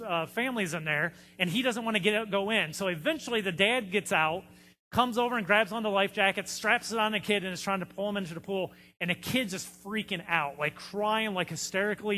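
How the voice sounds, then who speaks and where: In a church sanctuary, a male pastor with a high, pushed, bright voice preaches a sermon that fills the large hall. He tells stories conversationally, dropping in frequent fillers.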